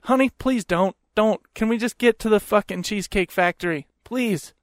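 A man voicing a tired, resigned husband who mumbles low and quiet. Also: steady tone, fast talker, no room sound. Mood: pleading. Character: weary mumbling husband, middle-aged man.

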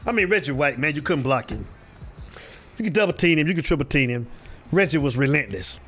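A man's voice: fairly high pitch, expressive, fairly quick, fairly bright tone, soft background music. A man hosting a casual live stream about football, calling out viewers by name and repeating himself in a loose, drawling way. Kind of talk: casual live sports talk.

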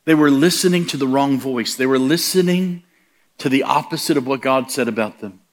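A man's voice: mid-range voice, fairly quick. A middle-aged man preaching a sermon, telling stories and acting out the voices he quotes, building to emphatic punchlines.

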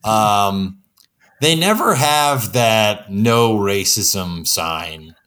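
A man's voice: lowish voice, lively intonation, drawn-out words, fairly bright tone. A man, a comedian, talking in casual chat, rambling with chuckling asides.

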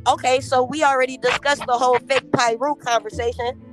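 A woman's voice: sits high, flat delivery, fairly quick, soft background music. A woman on a podcast, ranting in a brash, profane, confrontational way. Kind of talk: heated casual podcast talk.

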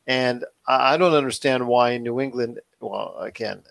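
A man's voice: medium pitch, moderate pace, gravelly, a bit bright. A man hosting a casual sports talk show, speaking earnestly and often repeating himself as he argues a point. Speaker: podcast host.

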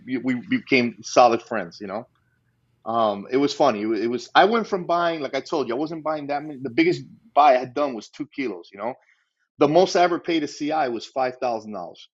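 A middle-aged former undercover agent recalls his career in an easygoing, chatty way, tossing in "you know" and quick laughs. His voice sits at an ordinary pitch. The audio is a little dull and lo-fi. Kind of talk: casual storytelling interview.

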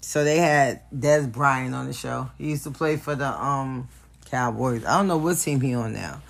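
A man runs through celebrity news on his podcast in a loose, joking way, full of slang and swearing. His voice sits in a middle pitch, and he laughs at his own takes as he goes. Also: moderate pace, creaky. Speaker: podcast host. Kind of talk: casual celebrity gossip commentary.

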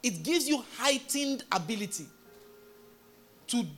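A male pastor preaching a sermon in a church, telling a story and building to loud, emphatic declarations. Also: very high-pitched, expressive, unhurried.

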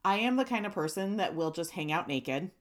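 A woman's voice: lowish voice, lively intonation, a little fast. A woman in her late thirties co-hosting a casual podcast chat, speaking candidly with frequent laughter and lots of "like" fillers. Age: 30s. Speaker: podcast co-host.

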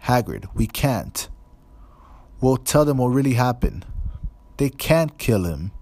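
A man voicing a distressed teenage girl who pleads in a breathy voice. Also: lowish voice, lively intonation, a little slow, dark tone, no echo, pitched above the performer's own voice. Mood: pleading.

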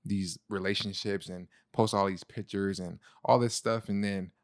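Young guy podcasting with his partner, low gravelly voice, says bro a lot, dry mic. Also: normal speed, no room sound. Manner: animated storyteller, slangy, says "bro" and "you know what I'm saying". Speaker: podcast co-host. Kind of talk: casual couple podcast chat.

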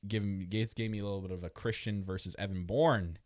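Dude on a podcast going over wrestling, laughs all the time, totally dry close mic. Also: male voice, lowish voice, fast talker, no echo. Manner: laughs often, animated, acts out quotes. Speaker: podcast co-host. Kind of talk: casual wrestling recap chat.

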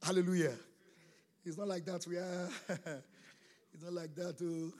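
A middle-aged man, preaching a sermon as pastor, swinging from shouted bursts to quieter storytelling. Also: high voice, level tone, a little slow.

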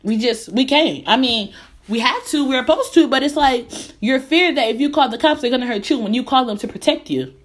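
A woman's voice: sits high, a little fast. Earnest young woman podcaster, emphatic. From United States. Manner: earnest, emphatic, repeats phrases for stress. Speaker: podcast host. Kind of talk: impassioned personal commentary.

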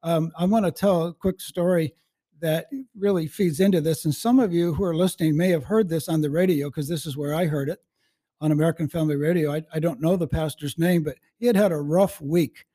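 A man's voice: a little high, steady tone, brisk, warm tone. A man in his seventies, a guest in a casual interview, telling stories in a folksy, rambling way, often restarting his sentences. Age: 70s.

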